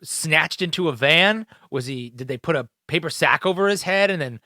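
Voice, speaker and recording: A man co-hosting a comedy podcast, playful and quick to riff into silly bits. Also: fairly high pitch, lively intonation, sharp tone, no echo, clean studio sound. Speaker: podcast co-host. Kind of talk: casual comedic chat.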